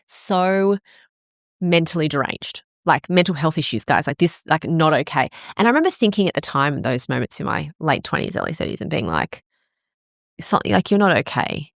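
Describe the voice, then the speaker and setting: A woman's voice: low-pitched, dry recording, clean studio sound. A woman in her forties, a fitness coach, talking frankly and swearing freely in a candid personal monologue. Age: 40s.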